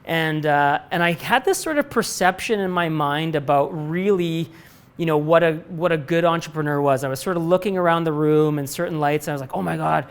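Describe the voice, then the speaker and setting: In a lecture room with a live audience, a middle-aged man who runs a company takes questions from students. He's frank and digressive, frequently starting sentences over and dropping casual swear words. His high-leaning voice is smooth, and he speaks a little fast.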